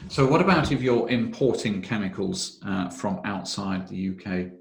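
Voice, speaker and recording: A man presenting a webinar on health and safety law, talking in a measured, methodical way with frequent "uh" fillers. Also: lowish voice, lively intonation, gravelly, echoey room. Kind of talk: explanatory webinar talk.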